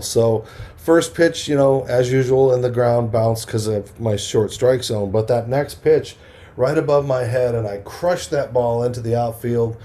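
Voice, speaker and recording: Energetic middle-aged man telling stories. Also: mid-range voice, normal speed. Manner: energetic storyteller who acts out quoted voices, restarts often. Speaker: podcast guest, motivational speaker. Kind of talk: animated storytelling interview.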